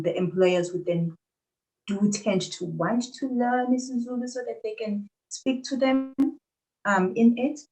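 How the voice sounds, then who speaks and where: A woman's voice: mid-range voice, darkish tone, rough recording. A young adult South African woman talking animatedly as a podcast guest, laughing often and restarting her sentences. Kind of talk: conversational interview.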